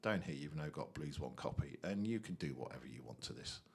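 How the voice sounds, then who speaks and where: A man casually walking through a software tutorial, chatty and thinking aloud. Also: a bass voice, expressive, a little fast, vocal fry, noisy background. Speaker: tutorial host.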